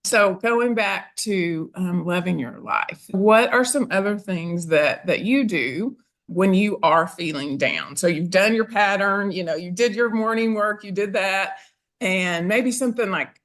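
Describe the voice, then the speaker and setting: A woman hosting an interview as a coach, asking reflective, thoughtful questions. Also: mid-range voice. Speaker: host, life coach. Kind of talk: interview conversation.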